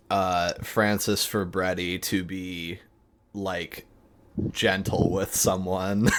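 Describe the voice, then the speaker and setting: A man narrating as game master of a tabletop game, halting, with many fillers and restarts. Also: fairly low pitch, slight background noise.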